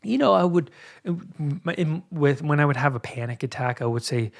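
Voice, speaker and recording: A man hosting a solo podcast, speaking in a reflective, halting way that often repeats words as he searches for them. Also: fairly high pitch, vocal fry. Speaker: podcast host and anxiety coach.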